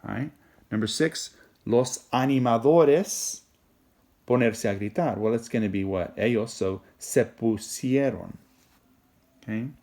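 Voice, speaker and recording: A man teaching Spanish in a recorded video lesson, explaining in a relaxed, rambling way and checking in with "okay?" and "right?". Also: medium pitch, a little slow.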